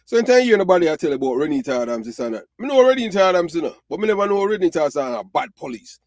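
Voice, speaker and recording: A man's voice: on the high side, very fast, no room sound. A middle-aged Jamaican man hosting his channel, talking casually and animatedly to viewers, repeating himself and mixing in Patois with many fillers. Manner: animated, repetitive, Patois-mixed talk with frequent fillers. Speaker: channel host.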